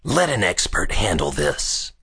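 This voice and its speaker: A man voicing a smug, bossy boy bully in a children's audiobook, with a slow, sneering, boastful delivery. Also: sits low, big pitch swings, vocal fry, bright, forceful tone, husky, no room sound, clean studio sound, voice pushed down, exaggerated voice.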